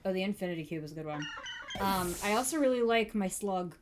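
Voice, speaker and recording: A woman's voice: mid-range voice, lively intonation, quick pace, soft background music. A woman co-streaming a game with her partner, chatting in a giggly, playful way. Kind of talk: casual gaming stream chat.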